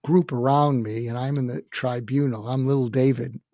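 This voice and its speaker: An older man, a podcast guest, telling a personal story reflectively, pausing often and quoting what others said. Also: mid-range voice, steady tone, mellow, dry recording, studio quality. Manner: reflective, with many hesitations and quoted dialogue. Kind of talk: storytelling in a conversation.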